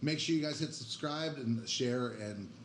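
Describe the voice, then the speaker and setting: A man co-hosting a casual podcast, joking crudely and swearing freely in relaxed chat. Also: medium pitch, measured pace. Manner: profane, joking, laid-back. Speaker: podcast co-host. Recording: echoey room with loud background noise.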